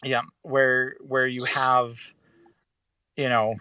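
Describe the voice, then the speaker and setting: A man's voice: mid-range voice, level tone, drawn-out words, sharp tone, smooth, dry recording. Hesitant man co-hosting a chat. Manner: rambling, hesitant, with frequent fillers. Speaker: podcast co-host. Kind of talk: casual discussion.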